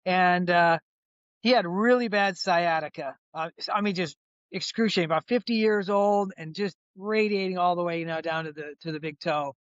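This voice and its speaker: A man in his sixties, a chiropractor guest, telling a patient story in lively conversational style. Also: sits high, moderate pace, smooth, no room sound, dull audio. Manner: animated storyteller, acts out quoted voices, frequent restarts.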